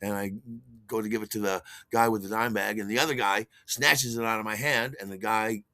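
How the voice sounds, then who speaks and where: A man in his sixties, a podcast host, telling a personal story in an animated way and acting out the dialogue. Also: on the low side, a little fast, dry recording, clean studio sound. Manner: animated, acts out dialogue with shouted outbursts.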